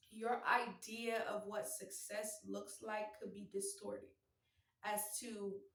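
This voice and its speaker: An American woman talks through a tarot reading in a loose, earnest, rambling way, circling back over the same phrases. Her voice sits in a mid range and carries a roomy echo. She sounds a little set back from the microphone. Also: mid-range voice. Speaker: tarot reader. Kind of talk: casual spiritual tarot reading. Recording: echoey room, voice from a distance.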